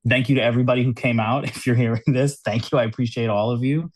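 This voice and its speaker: This American man talks fast in a steady, mid-range voice, and there's no room sound. As a cube designer guesting on a New York City podcast, he keeps the interview conversational, laughing frequently and leaning on "like" and "you know."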